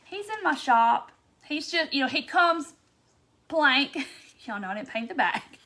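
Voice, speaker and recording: Lady doing a live craft stream, high voice, chatty, says hey to everybody by name. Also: big pitch swings, unhurried, sharp tone. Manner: chatty, greets viewers one by one. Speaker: craft livestream host. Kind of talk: casual livestream chat.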